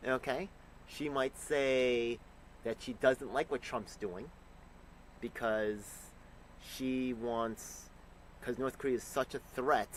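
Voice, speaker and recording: A man angrily reacting to a news clip, ranting and swearing with sudden loud bursts. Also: mid-range voice, slight background noise, low-quality recording. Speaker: commentator reacting to news clips. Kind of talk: profane reaction commentary.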